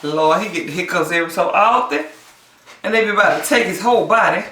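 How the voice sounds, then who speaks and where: A woman's voice: fairly low pitch, lively intonation, fast, a bit bright. A woman hosting a mukbang eating vlog from home, exuberant, breaking into song and cheers, then murmuring over her food. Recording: echoey room, mic at a distance, faint hiss.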